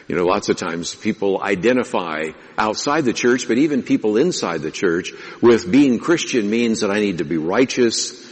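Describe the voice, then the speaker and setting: A man's voice: lowish voice, breathy edge. A man preaching a sermon as pastor, teaching in a conversational way and asking his listeners rhetorical questions. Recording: long reverb of a large hall.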